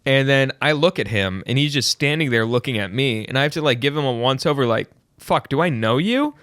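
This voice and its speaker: A man's voice: medium pitch, fast talker, a bit bright, clear, resonant tone, dry recording, clean studio sound. Rambling, profane podcast storyteller man. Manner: rambling, profane, acts out dialogue. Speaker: podcast co-host. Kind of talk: casual storytelling banter.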